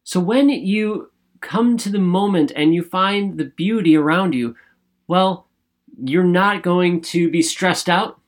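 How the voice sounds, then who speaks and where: A man's voice: high voice, takes it slowly. A man hosting a motivational podcast, enthusiastic and chatty, with rambling asides and jokes at his own expense. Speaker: podcast host. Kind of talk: upbeat motivational podcast talk.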